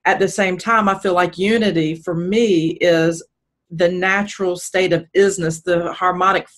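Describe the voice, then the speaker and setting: A participant in a group discussion answering a question slowly and reflectively. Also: mid-range voice, steady tone, a bit bright.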